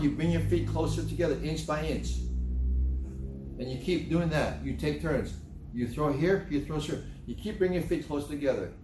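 Emphatic man telling stories, roomy distant sound. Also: a little high. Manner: repetitive, emphatic storytelling; sarcastic asides. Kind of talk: moralizing talk commentary. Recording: roomy, distant mic with faint noise.

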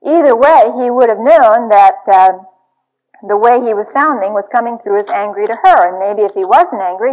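A woman's voice: medium pitch, a little mellow. Woman speaker telling stories at a church talk, earnest, kinda muffled old recording. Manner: earnest, confessional storytelling. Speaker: Christian marriage speaker. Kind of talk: teaching talk to an audience. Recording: dull lo-fi recording.

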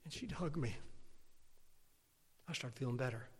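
A man preaching a storytelling sermon, animated, swinging between loud exclaims and hushed whispers. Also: mid-range voice, moderate pace, breathy edge.

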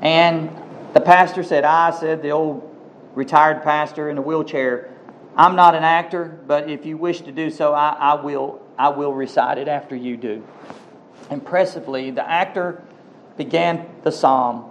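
A man preaching in a slightly higher than usual voice, moving between quiet storytelling and rising, emphatic appeals to his congregation. A faint hiss sits under the recording. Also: fairly even intonation, unhurried. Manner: emphatic, swings from hushed storytelling to rising exhortation. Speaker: pastor. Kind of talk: sermon.

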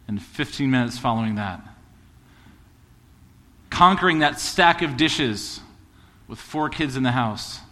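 A man's voice: mid-range voice, fairly bright tone, big-room sound. A man preaching a sermon as a pastor, moving from casual storytelling into emphatic, building preaching.

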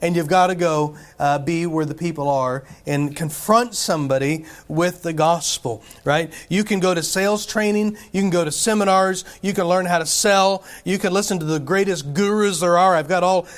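A man's voice: high-pitched, normal speed, hardly any pauses. A man preaching a sermon in a church, talking conversationally with rhetorical questions, asides to the congregation, and frequent restarts and fillers. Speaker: pastor.

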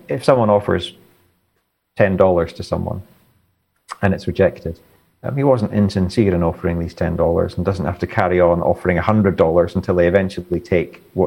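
A man answering theological questions in an interview, earnest and halting, often repeating words. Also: low-pitched, vocal fry, warm tone, husky. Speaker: author and guest.

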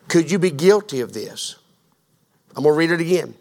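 A man preaching a sermon as pastor, asking the congregation questions and building to a fervent, loud delivery. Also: on the high side, animated, normal speed, pauses often. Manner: grows louder and more fervent.

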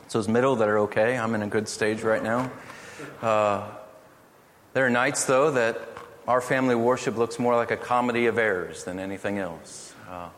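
Pastor telling family stories, echoey hall. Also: male voice, on the low side, fairly even intonation, normal speed. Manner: storytelling, earnest and gently humorous. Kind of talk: sermon. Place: church hall. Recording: echoey hall from far off, faint noise.

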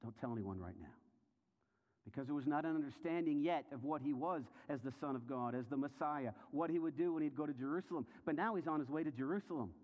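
A man's voice: fairly high pitch, fast talker, hardly any pauses. Male preacher in a reverberant hall. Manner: storytelling, asks listeners questions, swings between hushed and rising intensity. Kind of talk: sermon.

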